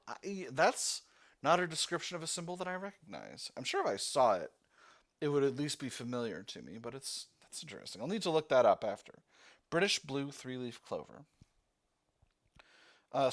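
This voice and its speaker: A man playing a text-based war game, reading the narration aloud and thinking out loud as he picks options. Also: medium pitch. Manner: reads narration, thinking aloud with fillers and restarts. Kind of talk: let's-play narration.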